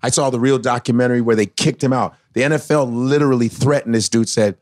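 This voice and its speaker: A man chats as a podcast guest, telling his story with animated, quick bursts of speech. His voice sits at an ordinary middle pitch. The sound is dry and close, with no room around it. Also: dry recording. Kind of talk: casual chat.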